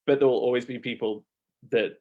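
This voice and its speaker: A man from England with an English accent, a guest accent coach talking in a relaxed way on a live stream. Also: mid-range voice, brisk, phone-quality sound. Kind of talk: casual live-stream chat.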